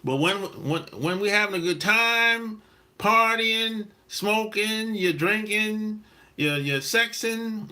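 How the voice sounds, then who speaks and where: Guy ranting on his podcast, kinda high bright voice, slow and emphatic. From South Carolina, USA. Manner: emphatic storytelling, drawn-out stresses, blunt cursing. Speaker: podcast host. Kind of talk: casual monologue.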